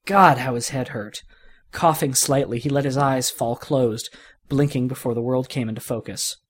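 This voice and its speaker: Male storyteller reading fan fiction, expressive, medium pitch. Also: moderate pace. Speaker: reader.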